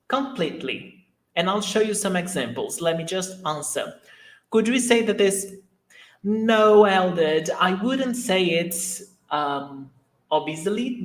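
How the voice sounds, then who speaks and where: A man teaches a live online lesson at an unhurried pace. He explains patiently and answers viewers' questions as they come in. His voice carries a roomy echo. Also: a little high. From Brazil. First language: Portuguese. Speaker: Portuguese teacher.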